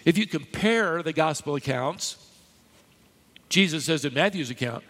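A man preaching in a large church hall, his voice sitting a little high and carrying a long reverb tail. He delivers the sermon emphatically to a live congregation and teases them now and then. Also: animated, unhurried, fairly bright tone.

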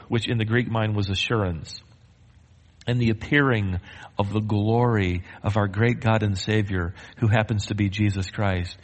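Emphatic male preacher in a reverberant hall. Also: fairly low pitch. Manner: emphatic, leads the congregation in call-and-response. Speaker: pastor. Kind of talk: sermon. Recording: long reverb of a large hall.

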